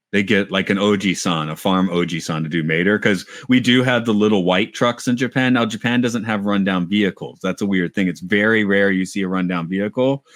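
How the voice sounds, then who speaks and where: A podcast co-host who lives in Japan chats casually in a lowish voice, rambling, restarting his thoughts and thinking aloud. The audio is studio quality with no echo.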